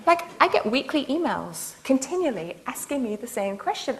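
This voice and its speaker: A woman nanotechnologist gives a public lecture in a university hall, telling stories with playful enthusiasm and laughter. Her voice sits fairly high and sounds animated, moving at a normal speed with hardly any pauses.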